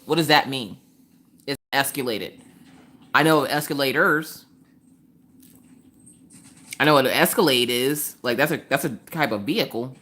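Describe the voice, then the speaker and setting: A woman hosting a laid-back craft livestream, talking straight to her viewers. Her voice has a bright, crisp edge. She rambles in a chatty way and slips into exasperated rants full of rhetorical questions. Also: extremely low pitch, moderate pace, pauses often. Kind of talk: casual chat with live viewers. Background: chewing ice between sentences.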